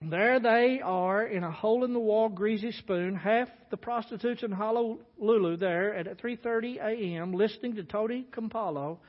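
A man preaching a sermon as a pastor, telling a story in an animated way, acting out voices. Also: sits high, normal speed, hardly any pauses. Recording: dull sound with long hall reverb.

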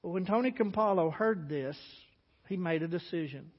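A man preaching a sermon as a pastor, telling a story in an animated way, acting out voices. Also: high-pitched, moderate pace. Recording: dull sound with long hall reverb.

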